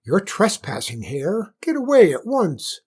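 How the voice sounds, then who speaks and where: A man puts on a spoiled, imperious queen for a storybook reading, with a shrill, haughty bark and a husky edge. She is bad-tempered and used to ordering everyone about. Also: wildly swooping pitch, moderate pace, heavily acted.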